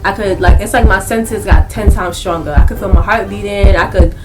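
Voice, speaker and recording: A young adult woman telling a casual story-time vlog, animated and laughing a lot as she talks. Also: mid-range voice, a little fast, over loud music. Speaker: vlogger.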